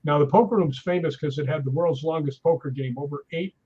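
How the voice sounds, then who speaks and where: A middle-aged man, a stuntman guest, telling animated anecdotes in a casual conversation. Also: a little high, fairly quick, slightly rough. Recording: dull lo-fi sound.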